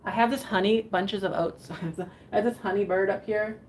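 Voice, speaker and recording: A chatty woman hosts a live vintage sale. She rambles and giggles as she shows items, her voice at a middle pitch. Faint noise sits behind her. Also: fairly even intonation, normal speed, darkish tone. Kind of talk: casual live selling chat.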